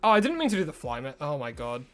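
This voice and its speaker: Faint music plays behind a live game streamer whose high-leaning voice swoops wildly in pitch as he talks quickly. Chatty and loose, he responds to chat messages and keeps drifting into tangents.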